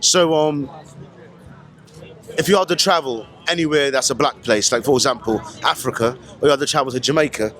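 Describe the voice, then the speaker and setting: A man's voice: mid-range voice, a bit bright. A man from Brooklyn who speaks in a put-on London accent, interviewing people at an outdoor city festival with slangy, chummy banter. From Brooklyn, New York. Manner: slangy, fast, chummy, peppered with bruv and innit. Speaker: street interviewer. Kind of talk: casual street interview.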